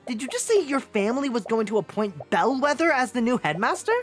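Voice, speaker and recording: A woman voicing an earnest young male attorney in a game, with an inquisitive, measured way of questioning. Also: fairly high pitch, sing-song, soft background music, pitched above the performer's own voice. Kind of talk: voicing a visual novel character.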